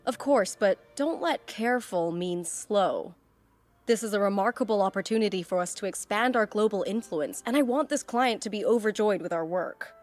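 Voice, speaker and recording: An actress playing an ambitious corporate executive in a video game, speaking in a crisp, businesslike and assertive way. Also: female voice, mid-range voice, moderate pace, faint music behind, natural voice. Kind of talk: scripted game voice acting.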